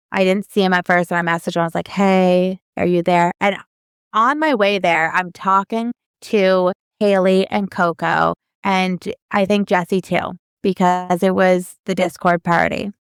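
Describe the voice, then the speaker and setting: A woman's voice: lowish voice, clear, resonant tone, no echo, studio quality. A woman, co-hosting a podcast and telling a long personal story in a chatty way full of fillers. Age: 30s. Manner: chatty, lots of fillers, quotes people in her story. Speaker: podcast co-host. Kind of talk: casual storytelling.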